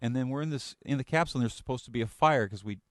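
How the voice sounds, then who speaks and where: Animated storytelling man, dry sound. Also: medium pitch, very fast, no echo. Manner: animated storyteller, acts out quotes, laughs often. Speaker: guest musician and actor. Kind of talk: telling anecdotes in casual chat.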